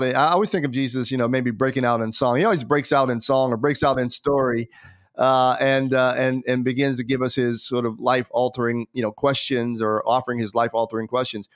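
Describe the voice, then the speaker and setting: A man hosting a faith interview, reflective and halting, with many restarts and fillers. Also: medium pitch. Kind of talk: conversational interview.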